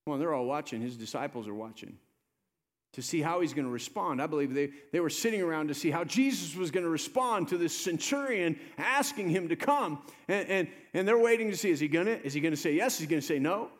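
The male pastor's slightly high voice moves fast through an animated sermon. He imitates the people in the story and pushes the listeners to react.

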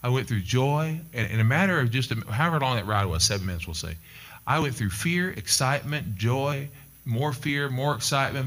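A man's voice: medium pitch, animated, brisk, a bit bright. A middle-aged male pastor delivering a sermon, telling stories and repeating key points for emphasis. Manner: emphatic, repetitive storytelling preacher.

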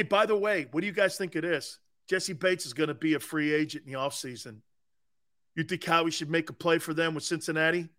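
A man hosting a sports talk show in a high, bright, punchy voice. He talks brash and emphatic, tosses in "man" and "dude", and laughs at his own points. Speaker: sports radio host. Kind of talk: sports talk radio, reacting to callers.

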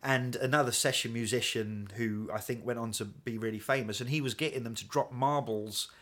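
A man, a guest in a casual chat, telling stories in an animated, chatty way and laughing often. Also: mid-range voice, brisk. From England.

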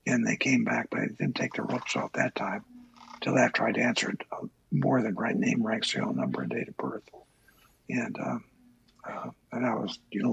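An older man with a deeply gravelly, husky voice recalls his past in a slow, halting way, full of pauses and fillers. The sound is close and dry. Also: a bit bright, dry recording, rough recording. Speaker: interviewee, former Navy pilot. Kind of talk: oral history interview.

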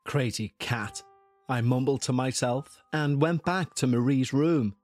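A man narrating a listener's first-person horror story in a slow, measured storytelling manner. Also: medium pitch, darkish tone, faint music behind.

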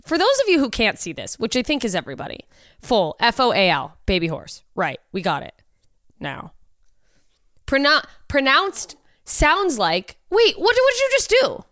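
A woman's voice: fairly high pitch, huge pitch swings, moderate pace, a bit bright, no echo, studio quality. A woman hosting a podcast in casual comedic chat, profane and sarcastic, often laughing in disbelief. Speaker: podcast host.

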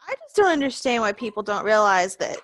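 A woman's voice: mid-range voice, big pitch swings, fairly quick, fairly bright tone, slight background noise. Blunt woman chatting and laughing. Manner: blunt, laughs while telling stories. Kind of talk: casual chat.

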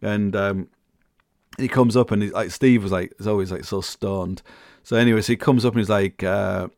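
A man's voice: lowish voice, fairly even intonation, normal speed, a little mellow, no room sound, clean studio sound. A middle-aged man rambling casually as a podcast host, full of restarts and fillers, chuckling now and then.

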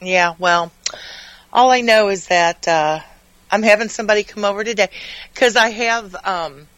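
A man's voice: high voice, normal speed, pushed and bright, smooth, no room sound, highs cut off. A man co-hosting a radio show in a studio, joking with wry, teasing remarks. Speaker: radio co-host. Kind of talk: casual radio banter.

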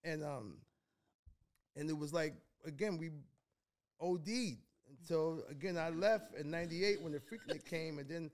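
A man's voice: on the high side, a little slow. A middle-aged man from New York, a podcast guest telling rambling stories in a laid-back way with lots of restarts. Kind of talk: casual storytelling in a podcast interview.

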